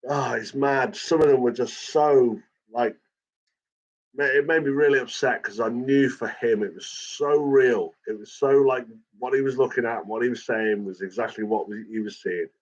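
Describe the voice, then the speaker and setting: A livestreamer chats casually with his viewers, rambling, swearing often and filling gaps with "like" and "um." His voice is medium-pitched at a normal speed, and the sound is lo-fi.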